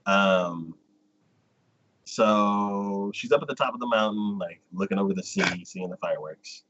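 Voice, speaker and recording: A man's voice: on the low side, measured pace, dull audio, background noise. A man co-hosting a casual chat, recapping a plot in a rambling way full of "like" and "um". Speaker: co-host.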